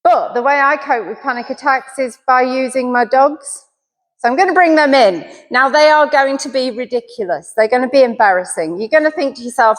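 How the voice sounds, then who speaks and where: A woman's voice: sits high, a little fast. A middle-aged woman, a dog trainer giving a chatty, self-deprecating puppy class. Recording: reverberant hall.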